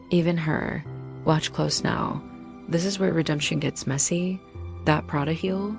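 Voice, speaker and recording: A woman's voice: low-pitched, vocal fry. A woman narrating a scripted dramatic story in punchy short sentences.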